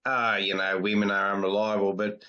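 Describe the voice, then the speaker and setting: A man's voice: on the low side, flat delivery, a little fast, bright, forceful tone, dull audio. A middle-aged Australian man hosting an interview, blunt and crude in his teasing. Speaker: podcast host. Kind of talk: casual interview chat.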